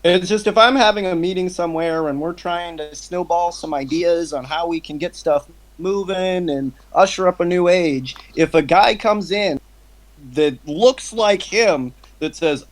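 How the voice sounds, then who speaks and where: A man's voice: sits high, measured pace, rough recording. A man hosting a casual satirical chat, incredulous and often laughing, with some swearing. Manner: incredulous, laughing, sometimes profane.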